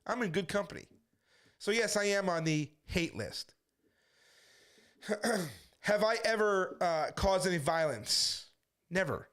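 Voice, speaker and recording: A man's voice: sits high, expressive, unhurried, pauses often, a bit bright, clean tone. A man talking to camera as a street preacher, defensive and storytelling, acting out the people he quotes. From United States. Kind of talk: casual monologue to camera.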